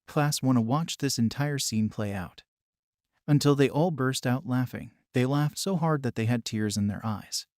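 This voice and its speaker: A man doing scripted story narration, reading in an even, measured way. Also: medium pitch, no room sound, clean studio sound.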